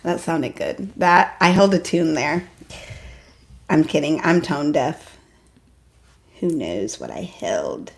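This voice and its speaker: A woman hosting a casual live stream from home, chatty and excitable, joking at her own expense and greeting viewers by name. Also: low-pitched, slow pace, gravelly, pauses often. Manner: self-deprecating, apologetic asides. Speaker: homeschool mom vlogger hosting a live stream.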